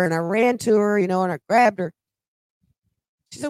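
A woman's voice: medium pitch, lively intonation, brisk, long pauses, darkish tone, dry recording. A middle-aged woman telling a personal story in a conversational way, with emphatic quoted dialogue.

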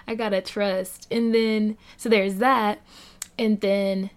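Young woman, casual faith testimony, rambling and filler-heavy, mid-pitched, laughs often. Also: very slow. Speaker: Christian speaker sharing a testimony.

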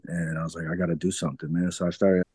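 A man with a very low voice tells his own story as an interview guest. He is frank, laughs through hard memories and acts out old conversations. The sound is dry and close, with no room echo. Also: flat delivery, very fast, darkish tone, slightly rough. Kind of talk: candid personal storytelling.

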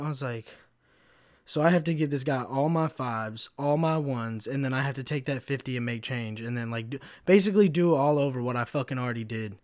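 A man's voice: mid-range voice, fast talker, no room sound, studio quality. Profane, exasperated young man venting. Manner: profane, exasperated storytelling with lots of "bro" and "like". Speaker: podcast host. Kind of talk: casual venting monologue.

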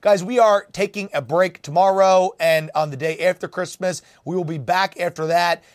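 A talk-show host, a man with a high voice, firing off mocking rhetorical questions. His delivery is animated and quick to jump between points. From United States. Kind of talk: political talk show banter.

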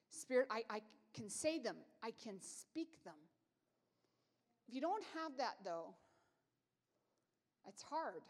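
A woman in her forties giving a conversational sermon as a Bible teacher, telling stories in a chatty, self-deprecating way. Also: on the high side. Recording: long hall reverb.

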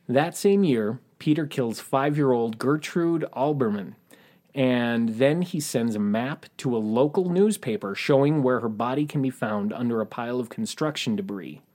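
A man with a mid-range, darkish voice hosts a true crime podcast, narrating matter-of-factly and dropping in wry asides.

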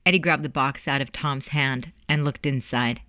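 An audiobook narrator reading scripted narration in a measured storytelling manner. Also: medium pitch, steady tone, pushed and bright, no room sound, clean studio sound.

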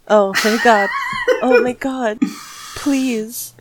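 A woman's voice: a little high, fairly even intonation, extremely slow, very noisy. A young woman co-hosting a comedy podcast, reacting with groaning disbelief in casual chat. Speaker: podcast co-host.

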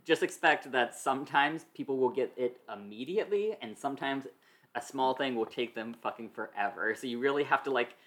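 Bright man giving quick game advice. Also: mid-range voice. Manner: advice-giving, fast asides, frequent "like". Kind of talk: casual podcast chat.

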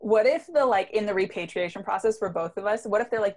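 A woman's voice: mid-range voice, fast, few pauses, darkish tone. A woman co-hosting a podcast in casual chat, chatty and full of fillers. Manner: chatty, uses many fillers, laughs easily. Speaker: podcast co-host.

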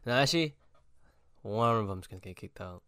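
A young man co-hosting a podcast, loud and animated, swearing freely. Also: fairly low pitch, fairly quick, smooth, dry recording, studio quality. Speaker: podcast co-host. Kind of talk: casual chat.

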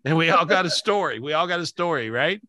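A middle-aged man leads a live video-call session as a spiritual host. His voice is quiet and unhurried when guiding prayers, then lifts into lively chat. The recording is dry and close, with no room echo. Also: fairly high pitch. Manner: soft, slow guided prayer drifting into animated chat.

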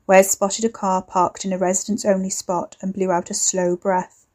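A woman reading a story aloud in measured, wry scripted narration. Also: medium pitch, level tone, darkish tone.

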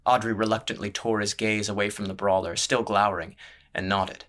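A man narrating a fantasy novel in a measured, expressive storytelling voice. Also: fairly low pitch. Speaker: audiobook narrator. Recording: music playing underneath.

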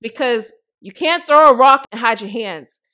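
A woman's voice: on the high side, normal speed, bright, forceful tone. Blunt, profane woman podcast host. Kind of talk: casual opinion commentary.

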